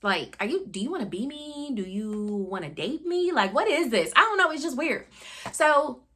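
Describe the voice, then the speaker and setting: Bright-voiced young woman chatting casually. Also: sits high, sing-song, normal speed, breathy edge. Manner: chatty, candid, lots of fillers. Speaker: book reviewer. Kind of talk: casual book review talk.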